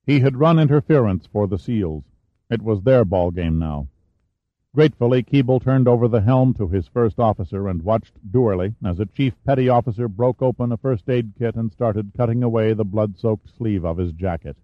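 A man reading a thriller audiobook in a steady, measured narration. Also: fairly low pitch, dry recording. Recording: dull dry studio recording.

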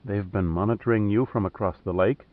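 A man reading a stubborn, intelligent woman who speaks softly with slight huskiness. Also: on the low side, moderate pace, natural voice. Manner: soft, quiet delivery. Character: stubborn, intelligent young woman, soft-spoken. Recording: narrow phone-like sound.

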